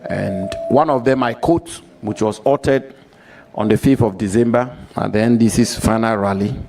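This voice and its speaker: A man questioning a nominee at a formal parliamentary hearing, deliberately quoting the record and repeating his points for emphasis. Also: lowish voice, creaky, darkish tone, poor audio. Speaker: committee member questioning a nominee.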